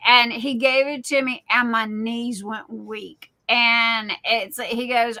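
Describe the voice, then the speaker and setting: A woman's voice: a little high, steady tone, takes it slowly, hardly any pauses, sharp tone, low-quality recording. A middle-aged woman, chatting casually as a guest on a live stream. She tells stories in a rambling way and often repeats and restarts her words. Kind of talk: casual chat.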